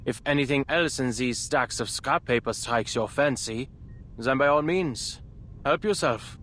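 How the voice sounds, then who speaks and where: A man voicing a sardonic, composed scientist in a game, speaking in a dry, measured way. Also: medium pitch, fairly bright tone, a little hiss or hum, close to an everyday voice. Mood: wry. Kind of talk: game voice acting.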